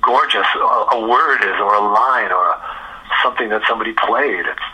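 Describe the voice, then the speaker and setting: A very bright, strongly husky older man, a guest musician on a radio show. He tells lively stories and acts out each line of dialogue, swearing freely and laughing often. His voice sits fairly low. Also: normal speed, rough recording. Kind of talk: storytelling interview chat. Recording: radio interview recording.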